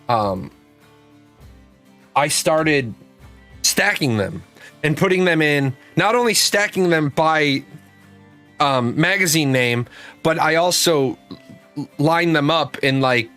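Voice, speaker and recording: A man hosting a livestream in a loose, rambling way, telling stories and answering chat with plenty of restarts. His voice sits a little high for a man. Faint music plays behind him. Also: bright, forceful tone. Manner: rambling storyteller, restarts, talks to his cat. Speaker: livestream show host. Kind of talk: casual chat with chat readers.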